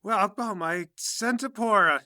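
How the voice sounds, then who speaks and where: A bossy old noblewoman waves off everyone around her, as a man puts her on for a tabletop game. The voice sits well above a man's usual register and carries a bright edge. It is recorded close and dry. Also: high-pitched, unhurried, no room sound, pitched above the performer's own voice, heavily acted. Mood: shocked. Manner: bossy and dismissive. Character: haughty old female noble, imperious, fussy.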